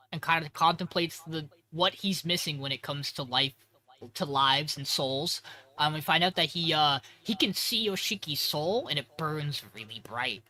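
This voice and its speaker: A man's voice: on the high side, sharp tone. A man co-hosting a podcast, recapping an episode in a rambling, profane way that keeps correcting itself. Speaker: podcast co-host.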